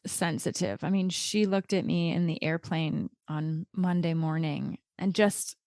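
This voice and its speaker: A woman's voice: fairly low pitch, steady tone, measured pace, a little mellow, no room sound, studio quality. A woman hosting a podcast, chatting casually and effusively with her guest, often laughing. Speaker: podcast host. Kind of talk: casual interview chat.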